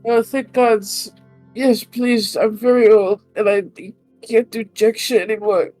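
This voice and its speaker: A woman's voice: a little high, steady tone, unhurried, warm tone, no echo, faint music behind, voice pushed up, natural voice. A woman voicing a frail, frightened old man who begs not to be robbed and curses under his breath. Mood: relieved. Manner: pleading, whimpering, cursing.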